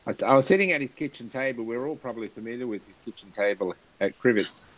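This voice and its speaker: A man's voice: mid-range voice, fast talker, rough recording. A man hosting a casual live chat over a video call, telling anecdotes and laughing often as he goes. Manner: chatty, laughs through anecdotes.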